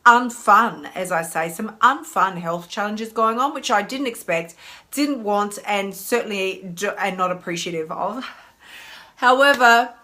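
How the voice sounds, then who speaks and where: A woman's voice: mid-range voice, bright, forceful tone. An Australian woman in her thirties, a chatty emotional eating coach hosting a casual live stream and greeting viewers by name.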